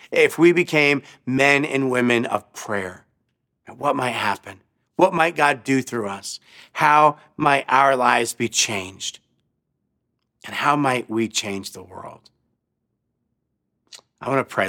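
A man's voice: mid-range voice, takes it slowly, a bit bright. A male pastor delivering a sermon, telling a story and acting out the voices of the people in it with rising emphasis.

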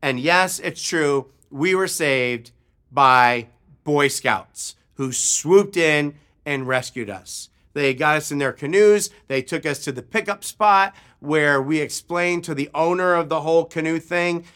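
A man's voice: fairly high pitch, unhurried, smooth. A man preaching a sermon as pastor, telling a story and acting out the people in it. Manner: animated, acts out shouts in his story. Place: church.

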